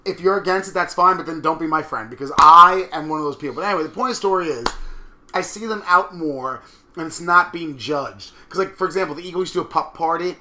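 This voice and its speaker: Male co-host, animated storyteller, quick and bright delivery. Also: fairly high pitch, a little hiss or hum. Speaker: podcast co-host. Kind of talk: casual chat.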